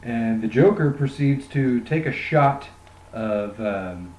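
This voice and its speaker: A man's voice: medium pitch, lively intonation, slow, a little mellow, a little hiss or hum. A man casually reviewing a graphic novel, rambling and joking with lots of fillers. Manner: rambling, jokey, many fillers. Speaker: comic book reviewer. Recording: roomy echoey room.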